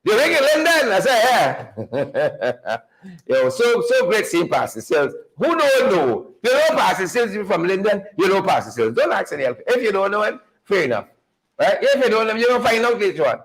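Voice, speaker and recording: Greeting livestream viewers by name, an animated Guyanese host gives a lively welcome in a high-pitched voice at a moderate pace. He's playful and repeats phrases for emphasis, and the recording is rough.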